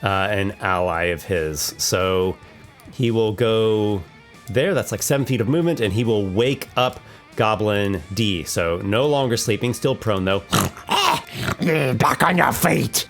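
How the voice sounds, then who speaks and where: A man's voice: lowish voice, measured pace, soft background music. A man hosting a tabletop monster battle, narrating with enthusiasm and thinking aloud over the dice rolls. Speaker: host running a monster battle. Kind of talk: narrating a tabletop combat simulation.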